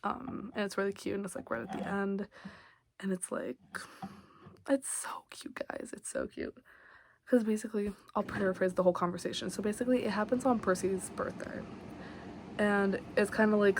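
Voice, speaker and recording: A woman's voice: mid-range voice, normal speed, noisy background. A young woman giving a rambling, casual book recap to camera, full of fillers and gushing asides. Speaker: book vlogger.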